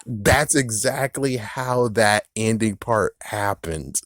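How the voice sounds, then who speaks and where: A man's voice: medium pitch, measured pace. A man talking to camera in a casual, rambling rant, swearing freely, laughing and acting out quotes along the way. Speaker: video creator.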